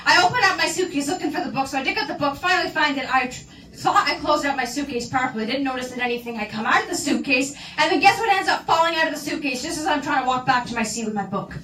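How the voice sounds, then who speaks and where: A woman co-hosting a radio talk show, telling stories in an animated way and acting out the voices. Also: sits high, fast talker, echoey room, far from the mic, slight background noise, low-quality recording. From Canada. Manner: animated storyteller, acts out quotes. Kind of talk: casual radio chat.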